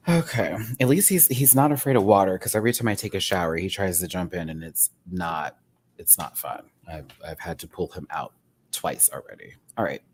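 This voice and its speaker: A man's voice: low voice, lively intonation, a little fast, slight background noise. Man, home-desk reviewer, exasperated and talkative, laughs a lot, voice swoops up and down. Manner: exasperated, chatty, laughs often. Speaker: YouTube reviewer. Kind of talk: casual ranting review. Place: home desk with ring light.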